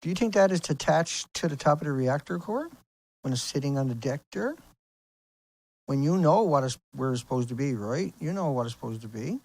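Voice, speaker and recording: Animated and fairly quick, a man with a medium-pitched, slightly mellow voice narrates his own video over pictures on screen. He talks casually and insistently, rambling with rhetorical questions, with no room sound audible.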